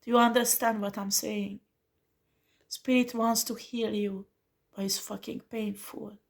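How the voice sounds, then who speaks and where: Speaking in an unhurried, flat, creaky mid-range voice, a woman gives the listener a tarot reading. Her spiritual monologue is earnest and pleading, and she calls them honey.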